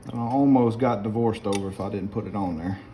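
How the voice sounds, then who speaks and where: A middle-aged home cook with a South Louisiana accent runs a casual cooking demonstration from his kitchen, chatting folksily and calling viewers "guys." He talks fast in a lowish, dark-toned voice. Behind him, pots and utensils clink, with slight background noise.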